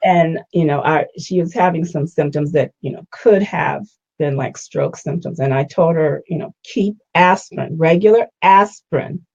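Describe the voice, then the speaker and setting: A woman's voice: sits low, fairly even intonation, moderate pace, creaky, dark tone, dull audio. A woman hosting a casual health chat, giving chatty, emphatic advice. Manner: chatty, advising, friendly emphatic asides. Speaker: show host.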